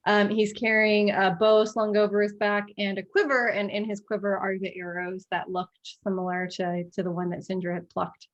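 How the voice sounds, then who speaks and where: A woman narrating a tabletop game as game master, relaxed and chatty, with frequent ums. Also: mid-range voice, normal speed, few pauses, dull audio.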